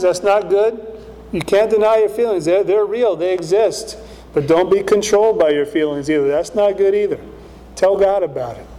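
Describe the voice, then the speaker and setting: A middle-aged male pastor with a high-pitched voice and a dark tone preaches a sermon in a church hall. His style is casual and conversational, and he often checks in with the congregation. The recording carries a long hall reverb.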